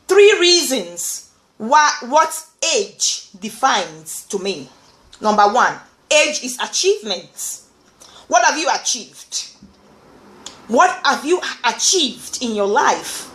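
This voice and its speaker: A woman from Nigeria with a Nigerian accent, talking in an animated vlog monologue and often repeating words. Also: high-pitched, echoey room. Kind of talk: casual monologue.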